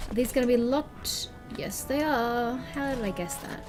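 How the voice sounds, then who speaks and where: A woman's voice: a little high, normal speed, over music. A woman giving chatty, sarcastic let's-play commentary over a game. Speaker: gaming streamer.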